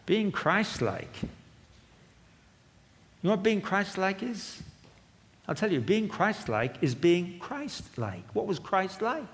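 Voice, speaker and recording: A man's voice: fairly high pitch, sing-song, measured pace. Englishman preaching in a reverberant hall. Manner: dynamic preaching, swinging from loud proclamation to quiet asides. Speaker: pastor. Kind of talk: sermon. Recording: long reverb of a large hall.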